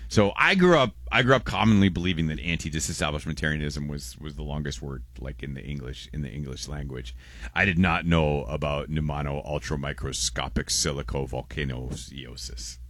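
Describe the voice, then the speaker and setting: A man's voice: extremely low pitch, a little fast, no room sound, clean studio sound. An American man co-hosting a podcast, chatting casually and playfully. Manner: playful, jokey, animated. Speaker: podcast co-host. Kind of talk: casual chat.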